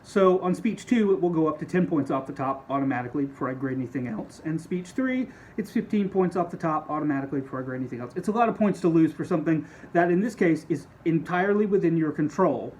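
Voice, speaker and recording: A man teaching a speech class, talking casually and explaining each point with quick spoken demonstrations. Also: a little high, lively intonation, a little mellow, a little hiss or hum, poor audio. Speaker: speech instructor. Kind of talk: recorded lecture.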